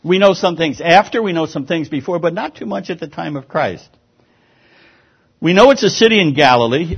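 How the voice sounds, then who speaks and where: A man preaching a sermon, lively and emphatic, often restarting his words. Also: fairly high pitch, breathy edge. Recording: dull lo-fi sound.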